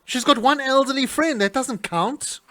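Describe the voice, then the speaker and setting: A middle-aged man, talking casually on his radio show in an animated, indignant way with many restarts. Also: very high-pitched, normal speed. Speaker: radio host. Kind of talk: casual talk-radio monologue.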